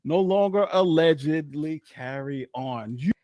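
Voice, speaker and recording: A man's voice: fairly high pitch, unhurried, a little mellow, dry recording, muffled recording. A man co-hosting a casual live stream, boastful and rambling, often repeating himself. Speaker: co-host.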